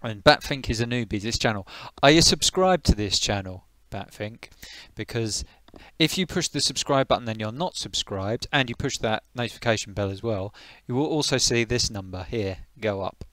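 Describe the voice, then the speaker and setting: A man's voice: fairly low pitch, lively intonation, moderate pace, hardly any pauses, fairly bright tone, no echo. A man casually chatting on a live stream, greeting viewers by name and thinking aloud as he tweaks his settings.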